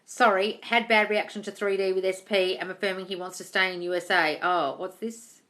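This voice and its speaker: Female live-stream host: bright, forceful tone, blunt and sweary, reads chat aloud, calls viewers darling. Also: medium pitch, fairly even intonation, brisk. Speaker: manifestation coach answering live chat questions.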